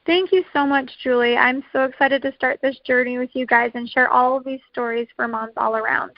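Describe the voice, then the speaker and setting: A woman's voice: sits high, fairly even intonation, fairly quick, hardly any pauses, a bit bright, lo-fi sound, soft background music. A woman co-hosting a podcast, earnestly telling her own emotional birth story. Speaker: podcast co-host.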